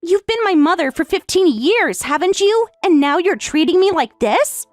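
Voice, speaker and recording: A woman voicing an entitled young daughter who is about to marry, speaking in a shrill, indignant way. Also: animated, moderate pace, no room sound, faint music behind.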